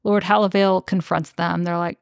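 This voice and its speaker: A woman's voice: on the low side, flat delivery, fairly quick, vocal fry, clear, resonant tone, no echo, clean studio sound. A young woman co-hosting a book podcast, casually recapping the plot with lots of fillers.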